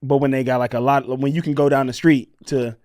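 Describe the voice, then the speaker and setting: A man co-hosting a chatty podcast, telling stories with animated exclamations. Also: medium pitch, fast, dry recording, studio quality. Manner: animated storyteller with excited exclamations. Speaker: podcast co-host. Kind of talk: casual chat.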